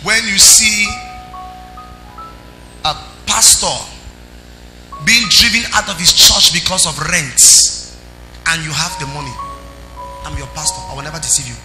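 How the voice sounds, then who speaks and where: A man preaching a sermon as pastor, emphatic, with sing-song rises and sudden soft drops. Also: a little high, unhurried, long pauses. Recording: echoey hall with music underneath.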